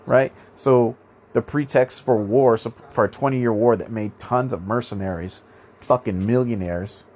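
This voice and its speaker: A man's voice: mid-range voice, unhurried, a little mellow, slight background noise. A man hosting his own podcast in a rambling monologue, swearing often and restarting his sentences, with a somewhat nasal voice. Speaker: podcast host. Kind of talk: profane monologue.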